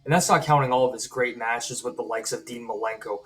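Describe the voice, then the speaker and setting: A man's voice: mid-range voice, brisk, recorded from a distance. A man giving an emphatic wrestling opinion monologue that builds energy as he goes. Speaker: wrestling commentator.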